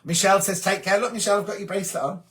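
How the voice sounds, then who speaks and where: A middle-aged Englishman hosts a sewing live stream, chatting casually as he reads viewers' comments aloud and answers them. His voice sits high and steady in tone, a bit bright, and he talks very fast.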